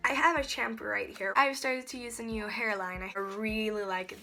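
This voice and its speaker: A woman's voice: medium pitch, bright, forceful tone. A young woman with a Swedish accent, chatting casually through a review of used-up beauty products and often restarting her sentences. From Sweden. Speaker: beauty vlogger.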